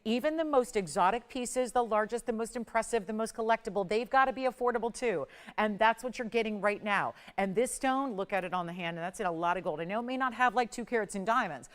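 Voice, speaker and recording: A middle-aged woman works a home shopping studio, her voice smooth and clear at an ordinary middle pitch. She pitches jewelry with upbeat, persuasive patter, building excitement as she counts the price down. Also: fast talker, few pauses. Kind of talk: live TV jewelry sales pitch.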